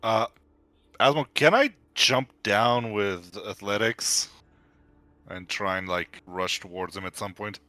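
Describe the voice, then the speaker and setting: A man's voice: on the low side, takes it slowly, pushed and bright, no room sound. A man playing in a tabletop game, chatting casually with stammers and restarts. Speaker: player.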